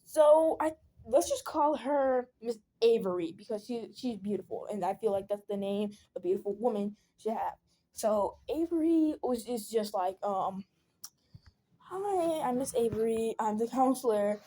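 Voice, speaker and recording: A woman's voice: mid-range voice, moderate pace, dark tone. A teenage girl telling a personal story in a casual storytime vlog. She rambles, fills her talk with "like" and "um", and acts out the people she quotes.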